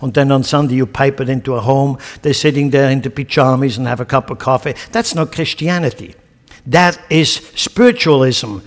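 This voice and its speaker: A man preaching a sermon with impassioned, rhetorical delivery and scornful asides. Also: mid-range voice. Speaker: pastor. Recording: long hall reverb.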